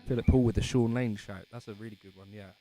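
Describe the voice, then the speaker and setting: A man's voice: on the low side, steady tone, fast, loud music behind the voice. A man hosting a casual livestream from his living room, rambling and self-deprecating as he answers chat comments. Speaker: livestream host.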